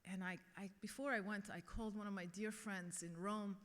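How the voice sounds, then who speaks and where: A woman's voice: mid-range voice, fairly even intonation, a little fast. A middle-aged woman giving a keynote speech and telling a personal story earnestly. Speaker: keynote speaker. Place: conference hall. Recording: long reverb of a large hall.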